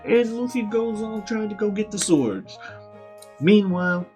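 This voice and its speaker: A man retelling a story in a loose, comic recap, cursing freely and laughing. His pitch swings a lot as he talks. A faint music bed plays behind him. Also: a little slow. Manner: profane, laughing, animated. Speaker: series host. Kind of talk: casual comedic story recap.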